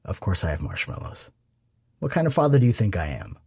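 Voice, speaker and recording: A man voicing a gently joking adult man, a doting father, in an audiobook romance. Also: low-pitched, wildly swooping pitch, fairly quick, breathy edge, full character voice. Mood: teasing.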